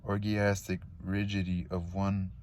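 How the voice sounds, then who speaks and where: A man's voice: low-pitched, level tone, moderate pace, darkish tone, slight background noise. A man reading a novel aloud in a casual, unpolished way, stumbling on words and adding asides.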